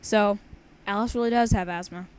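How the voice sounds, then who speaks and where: A woman's voice: mid-range voice, steady tone, normal speed, clean tone, no echo. A young woman casually reading her own story aloud, chatting and rambling with frequent stumbles and restarts. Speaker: story reader.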